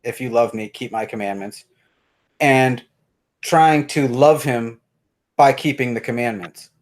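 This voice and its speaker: A man's voice: mid-range voice, unhurried. A man appearing as a guest, reflectively discussing his faith and repeating words as he searches for them.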